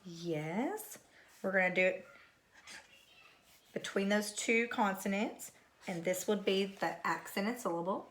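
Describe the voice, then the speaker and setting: A woman's voice: mid-range voice, takes it slowly, long pauses, a bit bright. A woman teacher giving a recorded phonics lesson to young pupils, patiently repeating each word. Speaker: third grade teacher.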